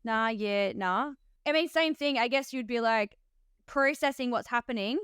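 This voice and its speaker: Chatty Australian woman, bright smooth voice. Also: a little high, moderate pace, dry recording, clean studio sound. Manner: chatty, laughs often, lots of "like". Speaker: podcast host, nurse. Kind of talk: casual podcast chat.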